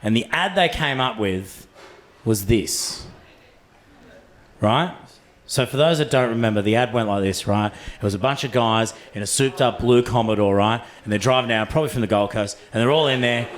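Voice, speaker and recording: A man's voice: mid-range voice, normal speed. A young adult man with an Australian accent performing a stand-up comedy set, telling profane stories and acting out voices. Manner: profane, animated storytelling with acted-out voices. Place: comedy club stage. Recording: echoey club room, faint ambience.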